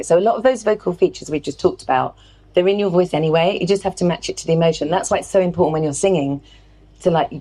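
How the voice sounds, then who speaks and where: A woman's voice: lowish voice, fast talker. A woman vocal coach, chatting on a podcast and demonstrating sounds. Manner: animated, demonstrates vocal sounds mid-sentence. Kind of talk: casual podcast conversation with sung demonstrations.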